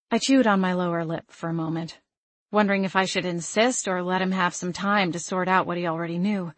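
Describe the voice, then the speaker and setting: A woman narrating a first-person novel with an expressive, emotional reading. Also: on the low side, no echo. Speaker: audiobook narrator.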